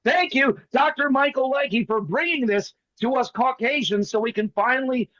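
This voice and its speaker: Man, high voice, comic magician patter, playful teasing, dry muffled video call sound. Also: a bit bright, dry recording. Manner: rapid joking storyteller, playful teasing. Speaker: magician performer. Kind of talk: comic patter on an online show.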